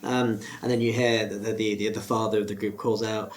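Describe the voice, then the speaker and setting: A man's voice: fairly low pitch, level tone, fairly quick. A man narrating a tabletop game as game master, hesitant with many restarts.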